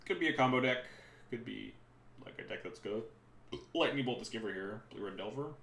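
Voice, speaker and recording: A man's voice: on the low side, expressive, fairly quick, gravelly, a bit bright. Man, streamer, casual card game commentary, chatty, rambling, self-interrupting, echoey home room.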